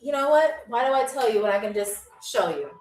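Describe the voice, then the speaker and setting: A woman's voice: a little high, animated, a little fast, far from the mic. A woman hosting a live-stream trivia game show. She talks in a playful, teasing, chatty way to her viewers. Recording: roomy sound from away from the mic.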